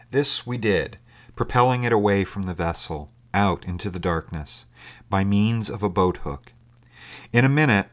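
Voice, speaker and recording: A man narrating a story in a measured, steady reading. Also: deep voice.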